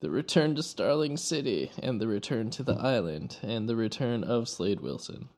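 A man's voice: mid-range voice, lively intonation, normal speed, a little mellow. A man hosting a casual podcast, joking around and summarizing loosely. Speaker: podcast host.

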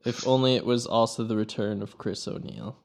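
Low-voiced man hosting a joking podcast. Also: fairly quick, creaky. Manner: joking, relaxed, loose summarizing. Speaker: podcast host. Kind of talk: casual podcast chat.

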